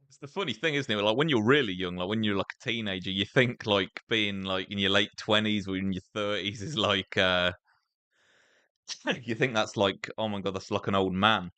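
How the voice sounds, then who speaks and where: A man's voice: lowish voice, normal speed, sharp tone, smooth, no echo. A young man with an English accent chatting casually while streaming gameplay, laughing often and saying "mate" and "like" a lot. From England. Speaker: gaming streamer.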